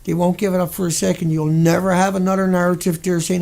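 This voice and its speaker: Gravelly, fired-up ranting man. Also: sits high, little pitch movement, fast talker, hardly any pauses, a little mellow. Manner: indignant, profane, sarcastic. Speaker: vlogger. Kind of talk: angry monologue rant.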